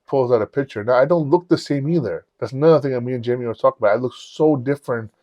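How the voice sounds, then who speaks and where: A man's voice: mid-range voice, fast, dry recording. A man hosting a podcast, telling profane stories in a casual chat and acting out the dialogue. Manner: animated, profane anecdote-telling with acted-out dialogue. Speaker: podcast host. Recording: dull lo-fi dry sound.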